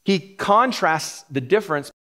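A man's voice: a little high, lively intonation, a little slow, bright, forceful tone. A middle-aged man preaching a sermon from the pulpit in a casual, joking way. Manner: casual and joking, laughs between points. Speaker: pastor. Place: church sanctuary.

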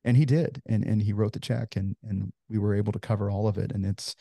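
Earnest founder in his forties: low, dry, close voice, chatty interview storytelling. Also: fairly even intonation, brisk, creaky, dark tone, dry recording. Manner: earnest storyteller, heavy on "you know" fillers. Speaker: ministry founder, guest.

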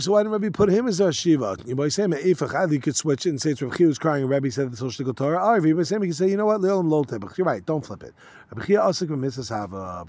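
A man's voice: on the high side, darkish tone, no room sound. Man teaching a Talmud page. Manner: reads Aramaic lines then explains in casual English with yeshiva terms. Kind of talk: Talmud study lesson, reading and translating.

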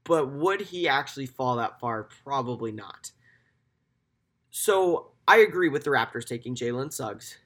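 A man's voice: medium pitch, lively intonation, measured pace, a bit bright. A man giving casual solo sports commentary as a basketball draft analyst, chatty, with frequent ums and self-corrections.

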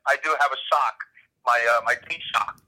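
A man's voice: medium pitch, fairly quick, pushed and bright. A man talking by phone from his car, a self-deprecating joker who halts with many ums. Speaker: podcast guest. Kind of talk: casual chat. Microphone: phone headset. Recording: tinny phone line.

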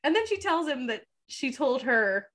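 A woman's voice: high-pitched, normal speed. A woman co-hosting a podcast, chatting casually about a TV episode and acting out lines with lots of laughter. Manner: animated, giggly, acts out quotes. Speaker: podcast co-host. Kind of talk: casual chat recapping a TV episode. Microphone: podcast microphone.

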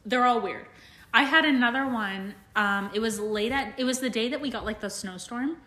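A woman's voice: fairly high pitch, normal speed, sharp tone, roomy sound. A young woman co-hosting a podcast in casual chat, blunt and swearing freely. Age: young adult. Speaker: podcast co-host.

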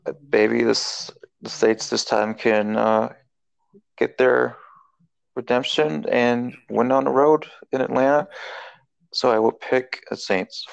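A man's voice: medium pitch, creaky, clear, resonant tone, highs cut off. A man co-hosting a casual sports chat, making game picks in a hesitant way with many fillers. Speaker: co-host making football picks.

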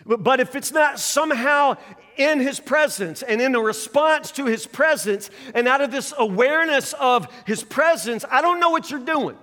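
A preacher telling a folksy story from the pulpit, his voice set high for a man. He swings from quiet asides to loud, animated bursts. The sound carries a long reverb from a large hall. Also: moderate pace. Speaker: pastor. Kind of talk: sermon with storytelling.

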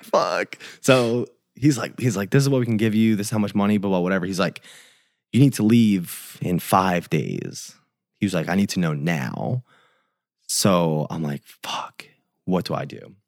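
A man's voice: low-pitched, a little mellow, no room sound, studio quality. A young man, a tour photographer, telling a story in a loose, swearing way and acting out the quoted dialogue. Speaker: tour photographer, podcast guest. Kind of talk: casual storytelling.

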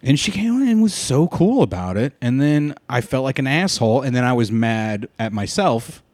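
A man in casual chat, telling stories in an animated way, swearing and laughing easily. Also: medium pitch, normal speed.

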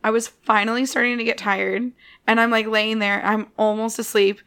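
Young woman podcast cohost, kinda high voice, animated storyteller, laughs a lot. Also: moderate pace, heavy background noise. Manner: animated storyteller, acts out quotes, laughs often. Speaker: podcast co-host. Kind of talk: casual chat.

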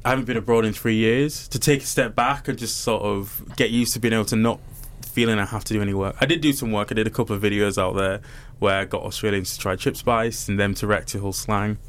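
A man casually telling his co-hosts about a trip, lively and animated as he recounts the people he met. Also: on the low side, fast, hardly any pauses. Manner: animated storyteller, acts out the people he quotes. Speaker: podcast co-host. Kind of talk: casual chat.

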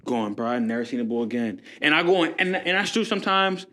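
A man's voice: on the high side, fast, background noise. A young man on a podcast, casually telling a story about reselling sneakers and acting out the back-and-forth of the conversations. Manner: animated storyteller acting out dialogue.

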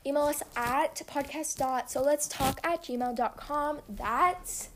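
A woman's voice: sits high, slow, background noise. A teenage girl co-hosting a casual home podcast, giggly and rambling. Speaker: podcast co-host. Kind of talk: casual chat.

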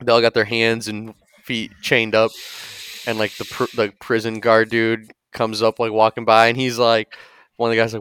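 Podcast co-host, casual, smooth voice, dry close mic, rambling storyteller; male. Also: fairly low pitch, moderate pace, dry recording. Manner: rambling, animated, swears a lot.

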